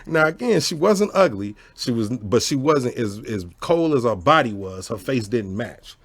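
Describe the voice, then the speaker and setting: A man telling a story in casual chat, animated and profane, laughing often and asking whether the listener gets his point. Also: medium pitch, moderate pace, dry recording. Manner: animated, profane, laughs often, keeps asking "you know what I'm saying". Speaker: storyteller host.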